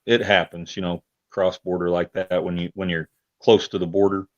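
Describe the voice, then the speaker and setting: A man with an Indiana accent speaks as a guest over a video call, hesitant and full of ums and restarts. His voice is very low. The call audio is dull and lo-fi. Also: flat delivery, moderate pace. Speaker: guest, militia member.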